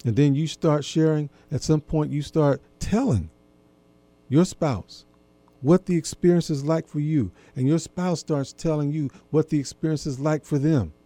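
A man giving an earnest, gently instructive talk to listeners about marriage, often repeating himself. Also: on the high side, unhurried, dry recording. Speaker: marriage and intimacy speaker.

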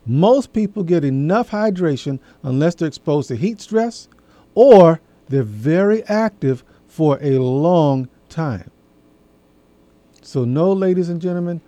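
A middle-aged man speaking slowly and deliberately to his listeners, leaning on repeated phrases to drive a point home. His voice is warm and mellow, a little higher than most men, and it sounds dry and close, with no room echo. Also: expressive. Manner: slow, folksy, repeats key phrases for emphasis. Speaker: host. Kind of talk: casual talk to an audience.

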